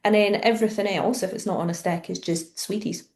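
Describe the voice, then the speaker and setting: A woman's voice: mid-range voice, fairly even intonation, brisk, a little mellow. A woman from Scotland with a Scottish accent, a guest in a casual podcast chat, asking questions and laughing easily.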